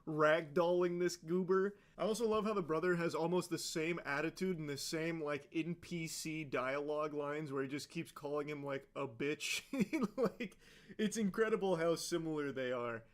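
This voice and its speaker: A man's voice: a little high, moderate pace. A man giving casual, sarcastic and profane commentary on a video, with plenty of filler words. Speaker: reaction commentator.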